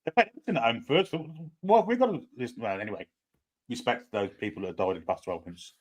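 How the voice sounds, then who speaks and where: A middle-aged man co-hosting a live football watchalong, full of quick banter and jokey sayings. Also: medium pitch, wildly swooping pitch. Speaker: co-host of a live match watchalong. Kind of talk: casual live football commentary chat.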